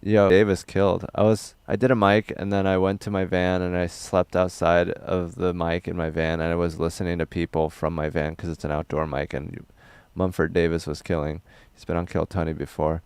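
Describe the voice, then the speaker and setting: A young man livestreaming, reading chat questions aloud in a loose, rambling, crude and deadpan way. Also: low-pitched, normal speed, few pauses, clean tone, no echo.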